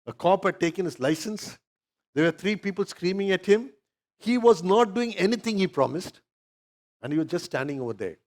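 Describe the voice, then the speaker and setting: Male Indian pastor, sermon storyteller, higher voice with wide, lively pitch swings. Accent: Indian English. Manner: storytelling, addressing the congregation directly.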